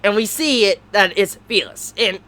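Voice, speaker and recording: A woman giving a casual, animated anime episode review, swearing freely and breaking into loud outbursts. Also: medium pitch, moderate pace.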